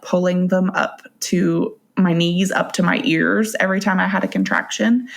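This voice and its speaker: A woman's voice: fairly low pitch, creaky. A young adult woman telling her own story as a podcast guest, in a casual, conversational way and often laughing as she goes. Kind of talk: personal storytelling.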